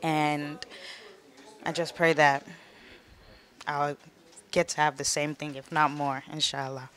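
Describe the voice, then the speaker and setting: A young woman, the bride's daughter, speaking softly and emotionally in a wedding interview. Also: low voice, little pitch movement. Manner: emotional, soft, halting.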